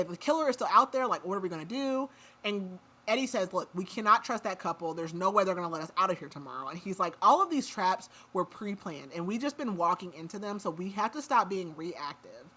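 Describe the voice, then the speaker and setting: With lively intonation and a brisk pace, a woman in a lowish, bright, forceful voice goes over a book's plot on a podcast. Her casual retelling is loaded with "like" fillers.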